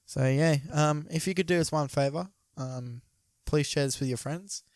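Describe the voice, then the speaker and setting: A man's voice: a little high, moderate pace, darkish tone, dry recording. A young man co-hosting a casual podcast, cracking jokes, swearing freely and laughing at his own gags. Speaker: podcast co-host.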